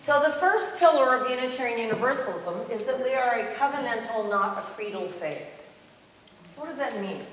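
In a church sanctuary, a congregational life staff leader gives a heartfelt, emphatic sermon and repeats her key phrases. Her voice is a little high and fairly bright, heard through a distant mic in an echoey space with a little hiss or hum.

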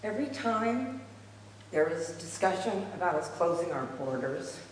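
A congregational life staff leader preaches in a church sanctuary with a fairly low, sing-song voice at a slightly slow pace, earnestly repeating key phrases for emphasis. The distant mic records an echoey hall along with a little hiss or hum.

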